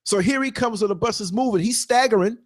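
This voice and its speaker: Animated man telling a story. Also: high voice, fast. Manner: animated, acts out quotes, emphatic repeats. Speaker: podcast host and former bus driver. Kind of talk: casual storytelling.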